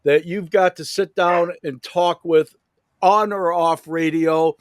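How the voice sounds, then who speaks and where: A man hosting an interview, asking questions haltingly and restarting them. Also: on the high side, steady tone, no echo, clean studio sound. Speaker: podcast host.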